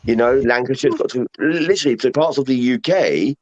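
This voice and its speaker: A man's voice: mid-range voice, a little fast, dry recording. A man with a London accent, a guest talking about paranormal investigating in a casual, rambling way full of fillers and repeats. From England. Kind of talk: casual chat. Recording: muffled lo-fi audio.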